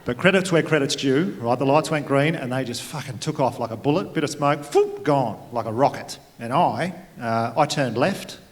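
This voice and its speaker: A man with an Australian accent doing a stand-up comedy set on stage, telling stories with deadpan asides. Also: mid-range voice, normal speed, few pauses, slight background noise. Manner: laid-back storytelling with deadpan asides. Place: theatre stage at a comedy gala. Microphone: stage microphone. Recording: live hall with long reverb. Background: audience laughter.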